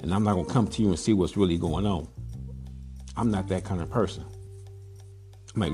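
A low-voiced man from Southern California talks straight at his listeners in a blunt, preachy monologue. He fires off question after question. Faint music plays under him. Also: brisk, pauses often, dark tone. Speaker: podcast host, pigeon breeder. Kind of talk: casual monologue.

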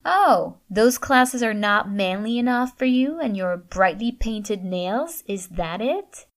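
A woman's voice: mid-range voice, animated, slow pace. A woman voicing a curt, formal female professor who talks in clipped, icy sentences. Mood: stern. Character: stern, curt female professor, middle-aged.

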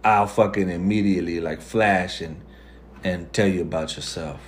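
A man's voice: low voice, steady tone, moderate pace, slight background noise. A man co-hosting a podcast, talking bluntly and swearing freely in a casual chat. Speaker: podcast co-host.

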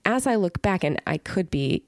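A middle-aged woman co-hosting a podcast, chatting and telling stories with quick asides. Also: on the low side, very animated, no echo, studio quality. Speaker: podcast co-host. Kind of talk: casual chat.

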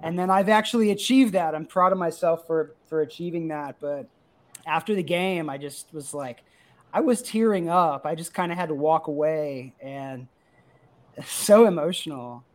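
A middle-aged man, a comic creator and youth baseball coach, telling an excited, emotional story in casual chat. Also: fairly high pitch, moderate pace.

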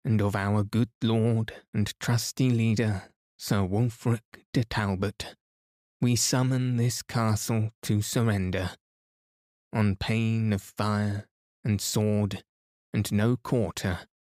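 A man's voice: on the low side, fairly even intonation, takes it slowly, no room sound. Man doing a stern old-timey herald calling out, in a storybook, dry sound. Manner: shouting, formal. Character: grown male herald, formal and threatening.

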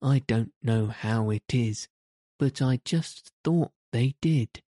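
An excited small boy, as a narrator puts him on. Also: mid-range voice, takes it slowly, dry recording, clean studio sound. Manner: breathless, excited voice.

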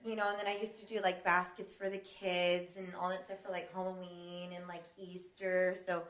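Woman co-host, animated and profane, recorded in a roomy space. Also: lowish voice, moderate pace. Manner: animated, swears freely, laughs often. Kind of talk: casual chat.

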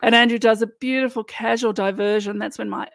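A woman's voice: on the high side, fairly even intonation, a little fast, vocal fry, a bit bright, no room sound. A woman co-hosting a podcast, chatting and recapping scenes with amusement. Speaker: podcast co-host. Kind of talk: casual podcast chat.

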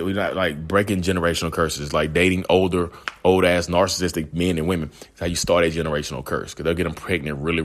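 A young man with a deep voice talks straight to his viewers in a casual vlog. He sounds heated and exasperated as he vents. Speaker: vlogger.

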